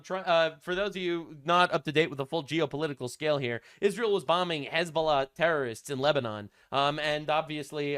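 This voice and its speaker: Sarcastic high-voiced male commentator. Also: fairly bright tone. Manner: sarcastic, crude and mocking. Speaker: commentary vlogger.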